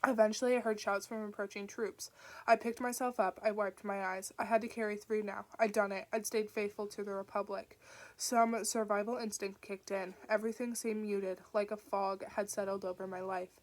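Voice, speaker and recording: A woman reading an audiobook aloud, narrating in an even, steady manner. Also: medium pitch, normal speed. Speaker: audiobook reader.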